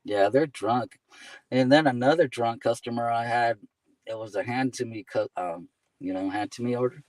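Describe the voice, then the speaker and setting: A man's voice: medium pitch, normal speed, darkish tone, no echo, far from the mic, low-quality recording. A man chatting as a guest, telling casual stories and laughing often, with "you know" and "man" between his phrases. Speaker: guest, delivery driver. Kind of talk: casual storytelling.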